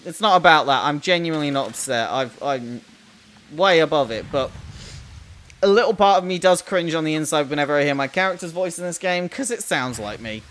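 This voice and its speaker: A man's voice: on the high side, fairly bright tone. A man chatting casually during a game live stream, self-mocking and swearing freely, with a voice he says people call cartoonish. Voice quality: voice others find odd and cartoonish. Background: faint in-game music.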